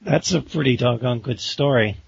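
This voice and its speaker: A man hosting an interview podcast, asking questions in a friendly, folksy way. His voice is of ordinary pitch. The audio is dull, with a faint hiss behind it. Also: normal speed, gravelly. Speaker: podcast host. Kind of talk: casual interview.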